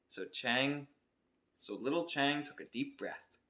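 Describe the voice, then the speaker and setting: A man's voice: medium pitch, lively intonation, takes it slowly, sharp tone. A man co-hosting a podcast, reading a picture book aloud expressively, with occasional self-corrections. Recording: roomy echo.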